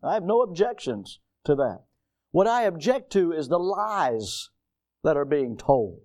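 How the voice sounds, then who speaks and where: A middle-aged pastor preaching a sermon, reading scripture aloud and rising to emphatic declarations. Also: male voice, sits high, wildly swooping pitch, a little slow, darkish tone.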